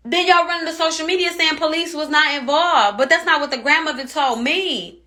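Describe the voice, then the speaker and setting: High, bright-voiced furious mother. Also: brisk. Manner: heated, cussing, repeats herself. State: upset and angry. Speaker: mother speaking on social media. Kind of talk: angry social media rant.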